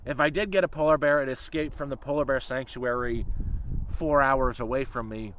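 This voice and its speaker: A man's voice: mid-range voice, steady tone, normal speed, a bit bright, highs cut off, slight background noise. A man rambling in a casual livestream chat, swearing freely and laughing often. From Canada. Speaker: channel host.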